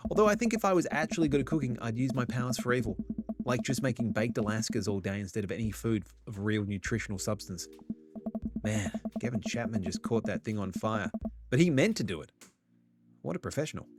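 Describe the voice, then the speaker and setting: Male streamer narrating a dating game, mid voice, joking, over game music. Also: mid-range voice. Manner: wry, joking asides between narration.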